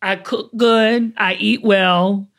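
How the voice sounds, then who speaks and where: A middle-aged Southern woman with a Southern American accent, hosting a talk show in chatty, animated storytelling. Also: mid-range voice, slow pace, vocal fry. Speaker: host. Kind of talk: casual chat.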